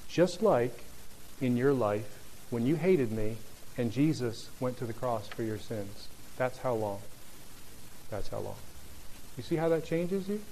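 A man preaching a sermon, reading scripture and acting out the speakers, then growing soft and low at the end. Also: slight background noise. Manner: animated, acts out voices in quotes, drops soft and low near the end. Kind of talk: sermon, Bible teaching.

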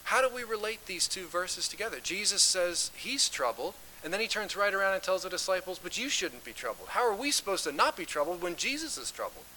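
A man's voice: high-pitched, big pitch swings, fairly quick, few pauses, sharp tone, a little hiss or hum, rough recording. A man leading an interactive Bible study who talks conversationally, puts questions to the group and reads scripture aloud with emphasis.

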